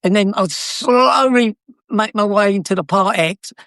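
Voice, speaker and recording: A man's voice: sits high, a little slow, sharp tone, no room sound, clean studio sound. An older man with a South London accent, a former car dealer telling stories in a chatty, cheeky way with frequent laughs. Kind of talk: anecdotal storytelling.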